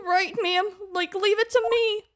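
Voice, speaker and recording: A woman's voice: extremely high pitch, fairly even intonation, a little slow, background noise, pitched above the performer's own voice. Larry Butts, a woman voicing a drawling goofy witness. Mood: rambling. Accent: wavering mock southern drawl. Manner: drawling, says "man" and "like" a lot. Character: laid-back young male witness, goofy drawler.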